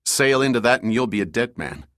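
A man playing a steady, determined male agent in an audiobook thriller, level and insistent in tone, with a dry, close sound and middling pitch. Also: a little fast, dry recording, lightly acted. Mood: firm. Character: calm resolute male marine agent.

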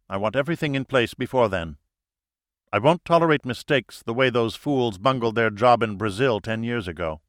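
A man's voice: mid-range voice, a bit bright, no room sound, studio quality, close to an everyday voice. A man reading an audiobook who voices a ruthless, commanding woman at the head of a secret cabal, giving cold, imperious orders.

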